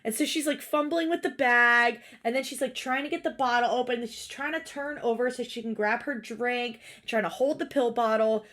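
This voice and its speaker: Woman, slightly higher voice, podcast co-host, casual exasperated ranting. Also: normal speed, hardly any pauses, fairly bright tone. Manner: exasperated, swears often, mimics people in quotes. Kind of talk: casual recap chat.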